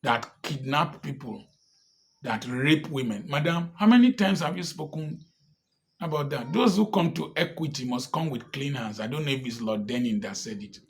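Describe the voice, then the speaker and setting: A man's voice: mid-range voice, lively intonation, normal speed. A man giving impassioned political commentary, firing off repeated pointed rhetorical questions.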